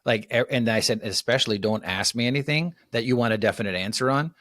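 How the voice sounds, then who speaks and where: A man's voice: mid-range voice, fast, fairly bright tone, no room sound. A man co-hosting a podcast, telling stories in a rambling casual way with lots of ums and restarts. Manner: rambling storyteller, many fillers and restarts. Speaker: podcast co-host.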